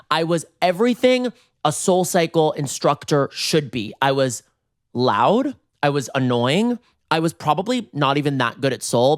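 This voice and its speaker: A young man hosting a podcast, telling a comedic story in an animated, campy way and jumping into quoted voices. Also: a little high, dry recording, studio quality. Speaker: podcast host. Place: bedroom.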